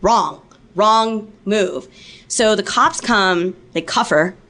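A woman's voice: medium pitch, slow. A woman from Los Angeles, a podcast guest, telling a story with lots of swearing. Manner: profane, animated anecdote telling. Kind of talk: casual storytelling.

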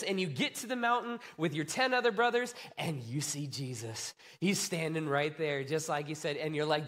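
A man preaching a sermon, retelling a story with animated, acted-out excitement. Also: sits high, moderate pace. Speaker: pastor.

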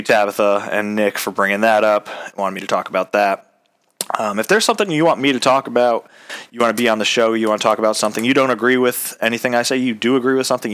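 A man's voice: on the low side, fairly bright tone. A man hosting his own podcast, talking in a casual, rambling rant full of swearing and ums. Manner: profane, rambling, frequent ums. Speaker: podcast host. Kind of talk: casual ranting monologue. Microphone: podcast microphone.

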